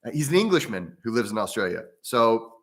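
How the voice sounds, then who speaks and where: A man's voice: medium pitch, very animated, brisk. An American man hosting a casual livestream about breathwork, rambling with many restarts and chatting with viewers. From United States. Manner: reads out viewer comments and chats with them. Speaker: breathwork channel host.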